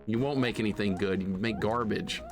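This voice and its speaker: A man live-streaming a retro game, excitable and jokingly grumpy as he rants at his chat. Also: lowish voice, normal speed, soft background music. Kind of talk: casual live-stream commentary.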